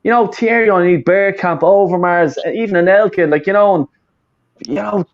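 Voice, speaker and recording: A man's voice: high-pitched, moderate pace, lo-fi sound. A man, hosting a casual football fan chat, rambling and swearing with lots of fillers and restarts. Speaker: fan channel host.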